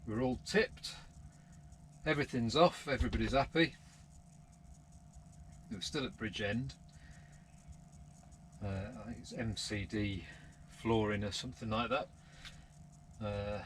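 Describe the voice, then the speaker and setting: A man's voice: mid-range voice, measured pace, pauses often. A British man, a truck driver, chatting casually to his vlog camera from his cab, easygoing and chuckling often. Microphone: camera mounted in the cab. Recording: loud truck engine and road noise. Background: loud vehicle noise.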